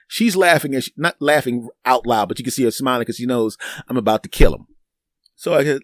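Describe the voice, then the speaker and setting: A man's voice: medium pitch, lively intonation, fairly quick, dry recording, studio quality. A middle-aged man hosting a podcast, telling a long story in a loose, rambling way, repeating words and acting out both sides of conversations. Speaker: podcast host. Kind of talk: casual storytelling monologue.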